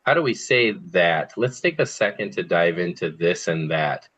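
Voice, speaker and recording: A man's voice: low-pitched, lively intonation, moderate pace, a bit bright, husky, low-quality recording. A man teaching an online group language lesson over a computer, patiently explaining and repeating phrases for students to copy. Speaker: Spanish teacher.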